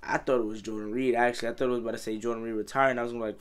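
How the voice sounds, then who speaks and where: A man's voice: mid-range voice, flat delivery, rapid-fire. A young man vlogging about football, rambling and exasperated, peppering his talk with "bro" and "man.". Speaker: sports vlogger. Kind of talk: casual fan commentary.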